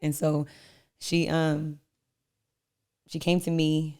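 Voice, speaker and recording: Playful, animated woman guest. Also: low voice, takes it slowly, clean tone. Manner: animated storyteller, acts out voices in anecdotes; laughs easily, playful self-praise. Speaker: podcast guest. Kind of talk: candid conversation.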